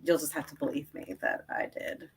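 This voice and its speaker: A woman talks through a casual screen-share tutorial in a slightly low voice. She rambles, leans on filler words, and laughs at herself as she goes. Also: wildly swooping pitch, brisk, gravelly, breathy edge. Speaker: teacher and online seller.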